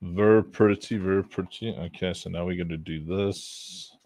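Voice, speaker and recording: A man's voice: deep voice, fairly even intonation, moderate pace, darkish tone, no echo. A man chatting casually on a live stream, rambling and joking to himself while he works, with frequent chuckles. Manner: rambling and jokey, talking to himself while clicking around; chuckles often between remarks. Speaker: livestreamer.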